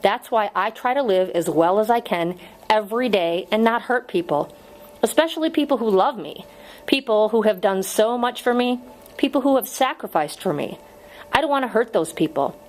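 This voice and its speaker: A woman's voice: medium pitch, moderate pace, lightly acted, low-quality recording. A woman voicing an earnest young male schoolteacher in an audiobook reading, pleading with strained patience.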